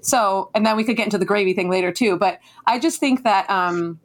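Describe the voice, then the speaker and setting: New Jersey-accented woman, guest author, rapid chatty delivery full of "like"s, mid pitch. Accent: northern New Jersey. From northern New Jersey, US. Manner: chatty, many fillers and "like"s. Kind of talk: casual conversational interview.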